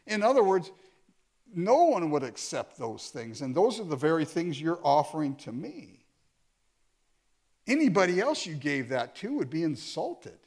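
Male preacher, slightly high voice, very expressive intonation, scripture readings with sarcastic commentary. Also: a little slow. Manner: animated, reads scripture aloud then explains it with sarcastic asides. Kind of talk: sermon.

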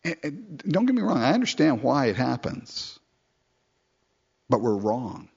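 Animated man preaching a sermon, lo-fi. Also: a little slow, vocal fry, breathy edge. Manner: conversational, animated, mimics people in falsetto quotes.

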